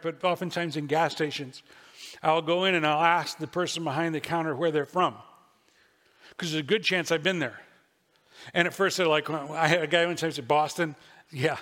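A man's voice: fairly high pitch, steady tone, fairly quick, a bit bright. A man preaching a sermon as pastor, telling folksy stories with asides. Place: church sanctuary. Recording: long reverb of a church hall.

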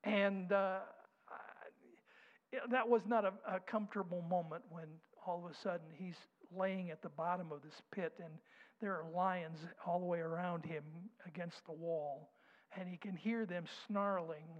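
Preacher in a reverberant hall. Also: male voice, high voice, fairly even intonation. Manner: swings from hushed whispers to loud, slow declarations. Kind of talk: sermon. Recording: dull sound with long hall reverb.

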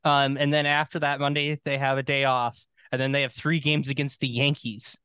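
A man's voice: medium pitch, level tone, normal speed, pushed and bright, clean tone, dry recording. A man co-hosting a casual chat, talking with lots of fillers and frequent laughter. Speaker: podcast co-host.

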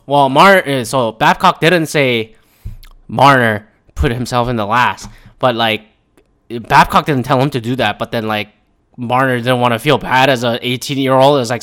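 Profane rambling young man ranting. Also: mid-range voice. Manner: profane, rambling, with animated quoted asides. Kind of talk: casual ranting commentary.

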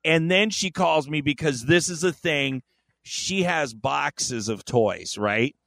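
A man's voice: on the high side, slow, gravelly, fairly bright tone, dry recording. A man co-hosting a podcast, telling a story in a rambling, profane, joking way. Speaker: podcast co-host. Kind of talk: casual chat.

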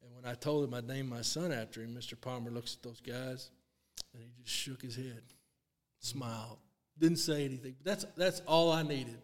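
Speaking at a moderate pace in a mid-range voice, a man in his sixties, a long drive champion appearing as a guest, tells a story in a casual interview. He acts out people's lines and laughs often. Long room reverb rings around his voice.

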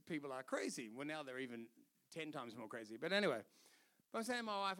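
High-voiced Australian pastor telling a story. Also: male voice, fast. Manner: animated, conversational, exhorting. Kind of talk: sermon with personal storytelling. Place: church service.

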